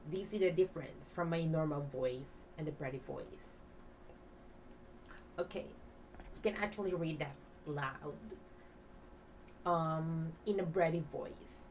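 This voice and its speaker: Female teacher, low-pitched, patient classroom explainer with fillers; faint background noise. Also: measured pace, long pauses, a little mellow, far from the mic, rough recording. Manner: explains with many fillers, has class repeat words; breathy half-whisper when demonstrating. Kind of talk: demo teaching lesson.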